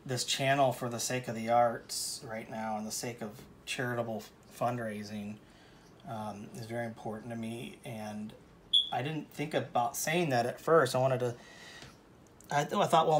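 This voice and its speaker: A painting instructor with a medium-pitched voice gives a casual tutorial, rambling as he works while joking and poking fun at himself. There's a slight hiss or hum on the recording.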